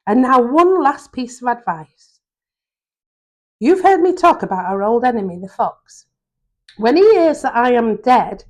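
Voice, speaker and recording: A woman voicing an old, feeble mother pig who speaks slowly and earnestly to her piglets in a storybook reading. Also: on the high side. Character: old feeble mother sow, tender and worried.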